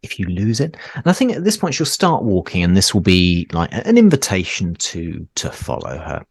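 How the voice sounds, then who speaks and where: A man with a very deep voice runs a tabletop game. He narrates loosely and hesitantly. The sound is dry and close. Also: moderate pace, creaky, husky, no echo. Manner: relaxed, hesitant, many fillers. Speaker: game master.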